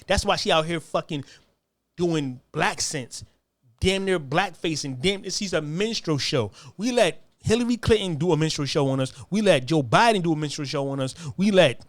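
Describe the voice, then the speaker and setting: An American commentator with a slightly high voice, recorded dry, delivers a heated, profane monologue. He hammers his points home by repeating phrases.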